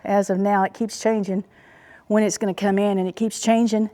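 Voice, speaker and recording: A woman from Oklahoma, a homesteading vlogger, talks informally as she does chores outdoors on her farm, a little breathless and rambling with many fillers. Her voice is medium-pitched, warm, and flat in delivery at a moderate pace.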